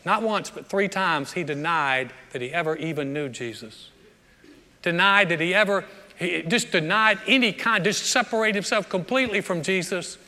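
A man's voice: sits high, moderate pace, bright, forceful tone. A man preaching a sermon as a pastor, talking conversationally and often repeating words as he goes. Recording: long reverb of a large hall.

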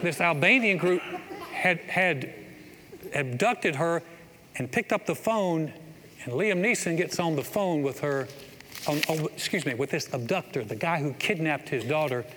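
A middle-aged man preaching a sermon as pastor, telling a story and building to excited exclamations in a church. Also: a little high, unhurried, background noise. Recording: long hall reverb, faint ambience.

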